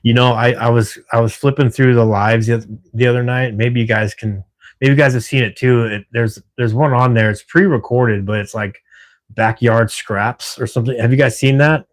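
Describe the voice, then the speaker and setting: A man's voice: medium pitch, fairly even intonation, moderate pace. A middle-aged man from Washington State chatting casually with viewers on a livestream while at work at night, laughing easily and swearing now and then. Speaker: livestream host. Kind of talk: casual live-stream chat with viewers.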